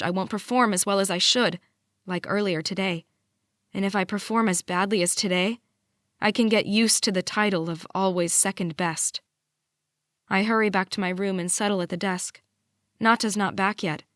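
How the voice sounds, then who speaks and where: Young woman, audiobook narrator, measured and emotive, mid pitch, dry close recording. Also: a bit bright, no echo. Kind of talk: scripted first-person narration.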